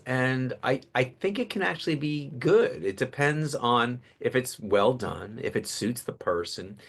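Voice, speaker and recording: A public speaking coach appears as a guest in a podcast interview, a man with a mid-range voice. He tells animated stories, quickly restarting his sentences.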